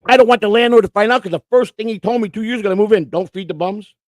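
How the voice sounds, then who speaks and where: A man from Florida co-hosts a casual livestream, racing through long, rambling stories and swearing freely. His voice is high with a steady tone, and the recording is dry.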